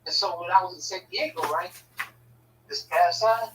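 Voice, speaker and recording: A man's voice: sits high, normal speed, fairly bright tone, slight background noise, low-quality recording. A man casually telling stories about his family, swearing freely and acting out the voices of the people in them. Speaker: storyteller. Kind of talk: casual storytelling.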